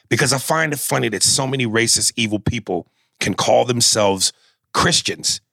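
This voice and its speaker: A man co-hosting a casual talk show, retelling a film scene with lively, animated delivery. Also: medium pitch, gravelly, slightly rough, no room sound, studio quality. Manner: animated storytelling, acting out scenes in mimicked voices. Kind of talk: casual chat.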